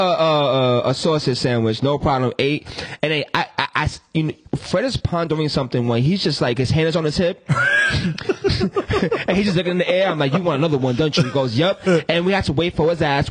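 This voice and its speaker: Male podcast co-host, husky, a touch high, laughs a lot, stammers through read-outs. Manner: laughs often, stammers and restarts while reading news stories aloud. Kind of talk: casual chat.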